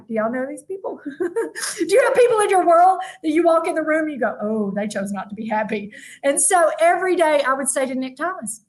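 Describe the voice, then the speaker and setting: A high-voiced woman with a Southern drawl delivers a motivational keynote. She tells her stories in a folksy, animated way and keeps turning to the audience with "y'all". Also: brisk, poor audio. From North Mississippi. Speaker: motivational speaker. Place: virtual event from a room with a small audience.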